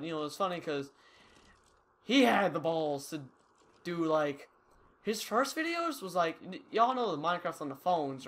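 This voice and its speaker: A man's voice: fairly high pitch, a bit bright, a little hiss or hum. A young man giving casual, rambling, self-mocking commentary over his own gameplay. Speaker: gaming YouTuber.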